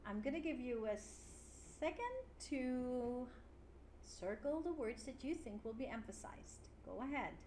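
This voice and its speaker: A woman teaching an English lesson online, clear and encouraging, with frequent "yeah" fillers. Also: sits high, expressive, a little slow, mellow. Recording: roomy with faint noise.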